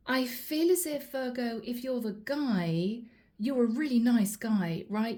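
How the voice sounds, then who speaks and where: A woman's voice: fairly high pitch, warm tone. A woman giving a casual monthly tarot reading, chatty and storytelling, often checking in with "right?". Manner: chatty, storytelling, frequent tag questions. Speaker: tarot reader.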